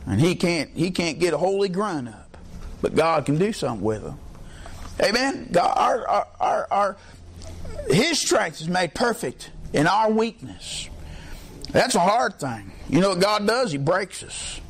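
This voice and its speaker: Preacher guy, pretty high voice, gets fired up and folksy, near shouting at times. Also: big pitch swings, measured pace, a little hiss or hum. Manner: impassioned, rising to near-shouts with folksy grammar. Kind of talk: sermon.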